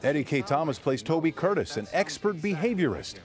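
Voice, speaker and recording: A man reporting an entertainment news feature with an upbeat, lively delivery. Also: on the high side, brisk.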